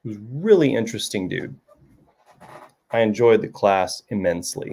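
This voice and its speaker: A man's voice: lowish voice, lively intonation, moderate pace, dark tone, breathy edge. A middle-aged man hosting a casual chat show, telling a rambling story with many restarts. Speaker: show host. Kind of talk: casual chat to a live audience.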